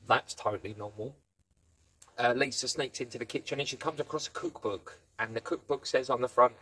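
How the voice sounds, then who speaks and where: A man's voice: medium pitch, brisk, a bit bright, breathy edge. A man giving a casual spoken review, rambling through the plot and playfully acting out quoted lines. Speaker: film and TV reviewer.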